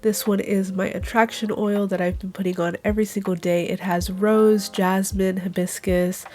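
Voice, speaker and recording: A young woman talks through her monthly favorites at an even, unhurried pace, calm and gently enthusiastic. A cold has left her sounding nasal and congested. Her pitch sits in an ordinary middle range for a woman. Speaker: YouTuber. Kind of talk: monthly favorites vlog narration.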